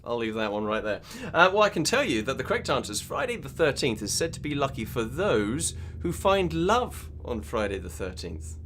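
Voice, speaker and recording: A man's voice: mid-range voice, sing-song, moderate pace, few pauses, a bit bright, a little hiss or hum. A British man hosting an online pub quiz, upbeat and teasing as he reads out questions and viewers' answers. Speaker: quiz host.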